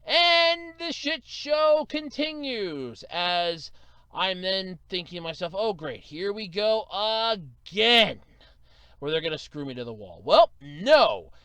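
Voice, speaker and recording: Male solo podcaster, exasperated storyteller; smooth, clear voice, very animated delivery. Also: high voice, slow pace, dry recording. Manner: exasperated storytelling, mimics customer service agents. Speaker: podcast host.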